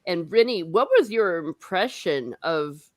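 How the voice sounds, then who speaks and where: A woman's voice: on the low side, lively intonation, measured pace, no echo. A woman hosting a casual book discussion, rambling with frequent fillers and laughing often. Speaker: host of a book discussion show. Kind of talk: casual chat.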